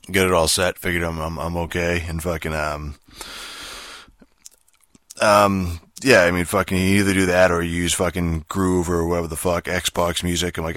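Young male host, very deep voice, dry close sound, profane rambling frustrated gamer rant. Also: level tone, brisk, a bit bright, dry recording. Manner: profane, rambling, frustrated, heavy filler words. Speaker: podcast host. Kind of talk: casual ranting game review.

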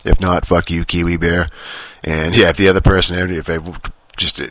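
A man's voice: low-pitched, flat delivery, moderate pace, fairly bright tone, dry recording. A man hosting a podcast, telling a long story in a casual, profane, rambling way with many fillers and restarts. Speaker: podcast host.

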